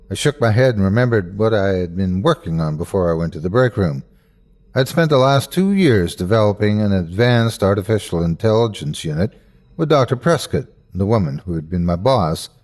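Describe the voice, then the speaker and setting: Lively male horror story narrator. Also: lowish voice.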